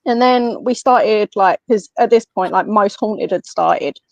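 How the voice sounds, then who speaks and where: An English medium and paranormal investigator, guesting on a podcast, tells a personal story casually at a middling pitch, a little slowly and with vocal fry. She's animated, acting out what the people in her story said. The dry, slightly dull audio sounds like a lo-fi call.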